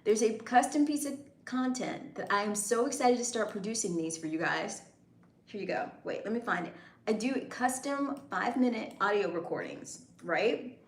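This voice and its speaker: She's a livestream host and content creator, chatting casually and excitedly directly with her audience. Her medium-pitched voice is animated and moves at normal speed, with reverberant sound.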